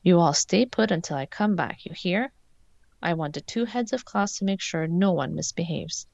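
A no-nonsense school teacher giving firm orders to a class, read by a woman. The voice is low and gravelly, with a dull, lo-fi sound. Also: animated, normal speed, a little mellow, no echo. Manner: firm, commanding.

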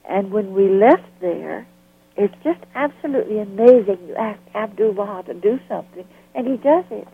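A woman's voice: mid-range voice, moderate pace, gravelly, husky. An older woman from the Southern United States telling stories from her life in an interview, acting out the voices of people she met. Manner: lively storyteller who acts out quoted dialogue. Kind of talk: storytelling reminiscence. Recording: tinny phone-like line.

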